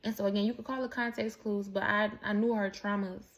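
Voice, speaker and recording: Speaking fairly quickly in a level, mid-range voice, a Mexican-heritage woman vlogger rambles through a personal story. The casual monologue is candid and profane, with frequent restarts and asides.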